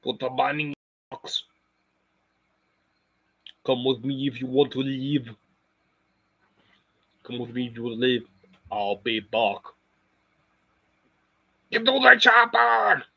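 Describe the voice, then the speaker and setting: A man imitating an angry, shouting musclebound action hero with a put-on Austrian accent and barking commands. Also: mid-range voice, lively intonation, takes it slowly, creaky, long pauses, husky, dry recording, lo-fi sound, exaggerated voice. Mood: commanding.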